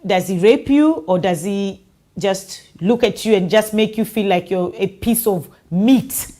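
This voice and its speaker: A woman's voice: medium pitch, measured pace, dark tone. A woman hosting an online talk show, speaking conversationally and reading out viewer comments.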